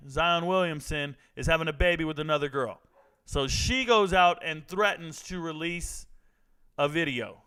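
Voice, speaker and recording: A man's voice: a little high, bright, forceful tone, clear, resonant tone, low-quality recording. A middle-aged man hosting a casual commentary vlog, brash and joking as he talks straight to his viewers. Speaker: sports and trends commentator.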